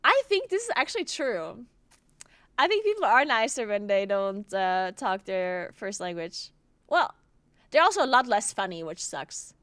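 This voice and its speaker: Her voice is medium in pitch, sing-song and a bit bright, with a clear, resonant tone at a measured pace, recorded dry. She's a young South Tyrolean native speaker of a German dialect, gaming on a live stream and chatting away with lots of "like," curse words and plenty of laughs.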